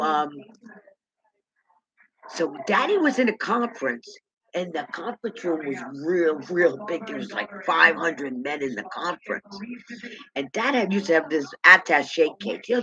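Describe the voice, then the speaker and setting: A middle-aged woman wanders from one memory to the next, repeating herself, restarting sentences and laughing at the stories she tells. Her voice is bright and forceful. The recording sounds dull and lo-fi. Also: lowish voice. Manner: halting, loose storyteller who repeats words and laughs at her own memories. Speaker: vlogger. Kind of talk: rambling personal storytelling.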